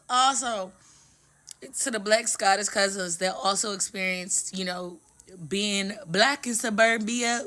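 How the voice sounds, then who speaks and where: A woman's voice: mid-range voice, fairly even intonation, unhurried, bright, forceful tone. A woman talking casually to the camera in a social media clip, emotional and laughing at times. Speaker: TikTok creator.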